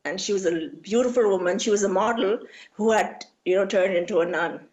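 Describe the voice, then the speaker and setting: A woman in her forties speaks with a Pakistani English accent as an interview guest. She talks in a chatty, rambling way and fills her sentences with "you know" and "like". Her voice sits at a middling pitch for a woman. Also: fairly quick, a little mellow, muffled recording. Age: 40s. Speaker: interview guest, beauty influencer. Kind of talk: casual interview talk.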